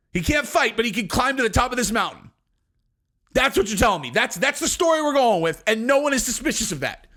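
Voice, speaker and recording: High-voiced, animated male fight-news ranter. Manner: animated, profane, speculative, talks straight to viewers. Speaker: MMA commentary channel host. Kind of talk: casual ranting commentary to camera.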